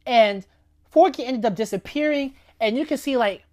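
A woman's voice: on the high side, moderate pace, dark tone. A woman giving a casual faith talk, speaking conversationally and often checking in with "right?". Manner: conversational, keeps asking "right?" and "you know what I'm saying?".

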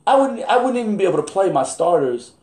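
Animated, profane basketball coach in a roomy space. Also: male voice, high-pitched, quick pace. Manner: animated, profane, acts out quoted exchanges. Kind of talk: casual podcast storytelling. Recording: roomy echo.

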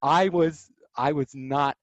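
A man telling stories as an interview guest, animated, acting out quoted voices. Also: on the high side, slow pace, dry recording, lo-fi sound. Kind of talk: casual storytelling.

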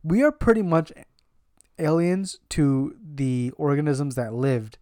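A woman's voice: sits low, slow pace, warm tone, no room sound, clean studio sound. Swearing, jokey New woman. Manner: jokey, swears freely, slips into put-on street voices. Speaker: co-host. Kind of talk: casual chat.

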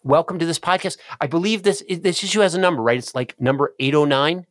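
A man hosting a casual podcast conversation, telling stories with animated restarts. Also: fairly high pitch, quick pace, dry recording, studio quality. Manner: animated, self-interrupting storyteller. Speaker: podcast host.

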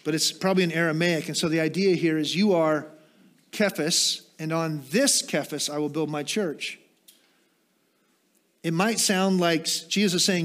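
High-voiced man preaching a sermon. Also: normal speed. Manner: rhetorical questions, shifts from rising fervor to quiet teaching asides. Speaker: pastor.

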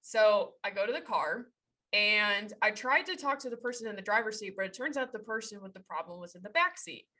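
A woman in her thirties telling a story in casual chat, animated and swearing freely as she laughs along. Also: medium pitch, fairly quick. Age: 30s.

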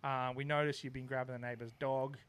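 A man's voice: medium pitch, flat delivery, brisk, a bit bright, smooth. A young man, telling a funny story in casual chat and acting out his neighbours with laughs. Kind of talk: casual anecdote.

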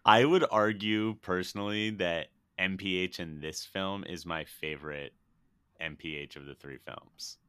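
A man's voice: deep voice, fairly even intonation, a little slow, fairly bright tone, clear, resonant tone, dry recording. A young man co-hosting a casual movie podcast, laid-back and profane, laughing as he retells scenes. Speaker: podcast co-host. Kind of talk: casual movie-review chat.

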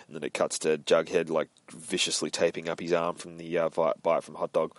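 A man's voice: a bass voice, monotone, fairly quick, few pauses, dry recording. A man casually recapping a comic book as a podcast host, loose and rambling, with frequent swearing. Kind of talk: casual comic read-through.

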